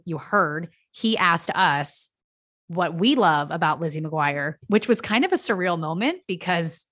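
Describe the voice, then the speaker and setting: A woman's voice: fairly low pitch, a bit bright. Chatty enthusiastic woman co-host. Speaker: podcast co-host. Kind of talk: casual chat.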